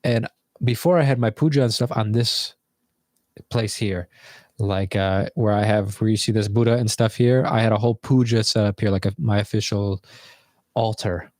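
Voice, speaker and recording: A man's voice: fairly low pitch, steady tone, moderate pace, a little mellow, dry recording, clean studio sound. A young man telling a rambling, casual story to viewers from his bedroom, swearing freely as he goes. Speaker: vlogger.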